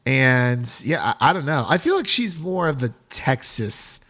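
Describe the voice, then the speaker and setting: A man's voice: mid-range voice, sing-song, unhurried, a bit bright. Chatty upbeat male podcast host. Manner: upbeat and chatty, laughs often. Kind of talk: casual podcast chat.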